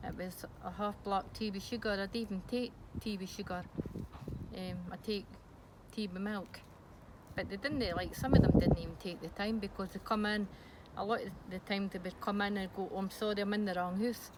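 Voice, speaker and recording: A woman's voice: mid-range voice, moderate pace. A middle-aged woman with a Scottish accent, speaking frankly and hesitantly in an interview, with many ums and restarts. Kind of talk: candid personal interview. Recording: noisy background hiss.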